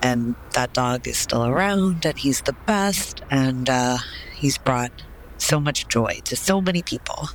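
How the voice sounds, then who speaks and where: Brief: man, mid-pitch, earnest and heartfelt storytelling, faint noise behind. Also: expressive, unhurried, rough recording. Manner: earnest, uses "like" as filler. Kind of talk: personal story told on a podcast.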